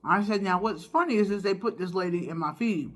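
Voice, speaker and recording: A woman chats away as she eats on camera. She talks in an easy, expressive way with little hums between bites. Her voice sits at an ordinary middle pitch. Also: fairly quick. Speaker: mukbang vlogger host. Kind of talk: casual chat while eating.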